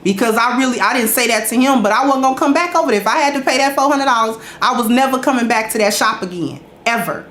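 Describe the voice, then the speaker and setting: A woman's voice: fairly high pitch, expressive, fast, hardly any pauses, a bit bright, echoey room. Emphatic woman talking to her chat. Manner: conversational, emphatic, preachy when making points. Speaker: host. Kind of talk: casual storytelling talk to a live chat.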